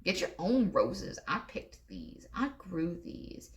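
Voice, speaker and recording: A woman voicing an aloof woman from a tarot card, speaking in a hushed, breathy, dismissive way. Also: fairly low pitch, big pitch swings, slow.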